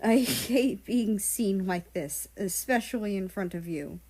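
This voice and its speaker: A woman's voice: medium pitch, expressive, unhurried, darkish tone. A woman reading aloud voices a tearful, furious young man who speaks in a choked, trembling way. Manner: choked, trembling, spitting words out.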